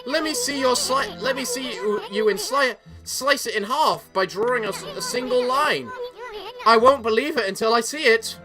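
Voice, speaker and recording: A woman voicing a brash, cheeky little male companion who teases and gets excited. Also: a little high, normal speed, natural voice. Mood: cocky. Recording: game music behind.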